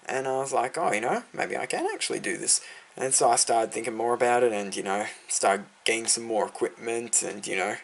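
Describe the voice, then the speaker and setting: A man's voice: medium pitch, brisk, vocal fry, slight background noise. A teenage boy with an Australian accent chatting casually about starting his lawn care business, rambling and full of fillers. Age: teens. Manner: rambling, filler-heavy, easily sidetracked. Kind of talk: casual storytelling vlog.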